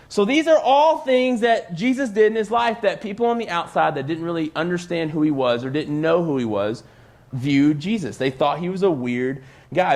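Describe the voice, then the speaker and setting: A man preaching a casual youth sermon from a church stage, talking conversationally and filling his sentences with "like". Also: on the high side. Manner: conversational, peppered with "like". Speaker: youth pastor.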